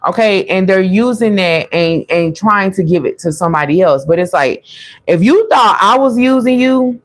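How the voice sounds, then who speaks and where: A woman's voice: medium pitch, animated, moderate pace. A woman giving a casual, chatty tarot reading to her viewers, laughing often and calling them y'all. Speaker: tarot reader.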